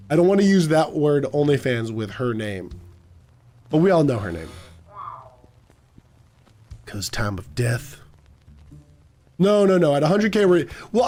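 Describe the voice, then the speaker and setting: A man's voice: fairly high pitch, darkish tone. A man streaming a game, rambling through casual commentary with joking asides.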